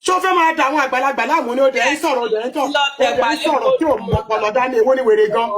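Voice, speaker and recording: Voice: high-pitched, very fast, a crowd in the background. A speaker in a heated live audio chat, delivering a scolding rant.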